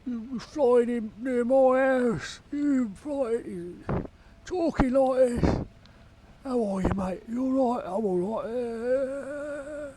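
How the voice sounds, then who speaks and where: Give me a man putting on a high, drawling, whiny local taxi driver who complains. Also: very noisy. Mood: complaining. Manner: slow, drawling, mocking.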